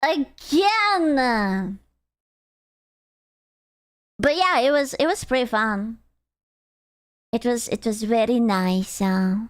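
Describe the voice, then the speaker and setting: A woman with a high, smooth, clean voice chats with her live-stream audience at an unhurried pace. She swears freely and answers questions from chat, and she moves between griping and playful self-mockery. She sits close to a desktop streaming mic. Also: no echo. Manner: complaining and playfully self-mocking.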